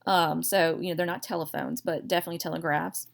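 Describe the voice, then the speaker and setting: A woman teaching history in a rambling, conversational lecture, wandering into asides and joking at her own expense. Her voice sits a little low and has a gravelly, fry-heavy edge. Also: steady tone, fast, slight background noise. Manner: chatty, digressive, self-deprecating humor. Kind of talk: recorded classroom lecture.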